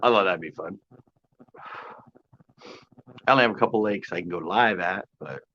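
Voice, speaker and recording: A man's voice: low voice, normal speed, pushed and bright, dull audio. A man hosting a live fishing stream from his porch, chatting casually with viewers, joking and sarcastic, with frequent laughs. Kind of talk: casual live-stream chat, reading comments.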